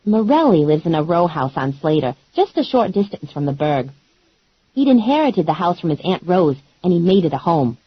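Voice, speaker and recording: Woman reading an audiobook deadpan, kinda husky, low-ish, dull dry sound. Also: normal speed, no room sound. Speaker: audiobook narrator. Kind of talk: first-person audiobook narration.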